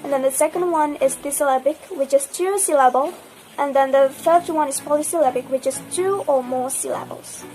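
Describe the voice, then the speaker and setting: A woman's voice: high voice, a little fast, warm tone, low-quality recording. A young woman from Indonesia with an Indonesian accent, reading a class presentation carefully and restarting words mid-phrase. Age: young adult. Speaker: student presenter.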